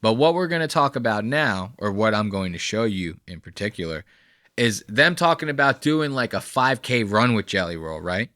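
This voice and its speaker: A man's voice: on the low side, expressive, normal speed, pushed and bright, no echo, studio quality. A man hosting a podcast, giving a mocking, profane reaction commentary on clips. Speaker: podcast host.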